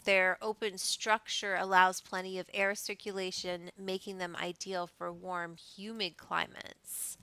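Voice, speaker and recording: A woman host with a bright, gravelly voice that stays smooth and clear. She reads her notes aloud, then drifts into loose, chatty asides. The sound is close and dry. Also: lowish voice, no echo, rough recording. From Canada. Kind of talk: casual reading and chat.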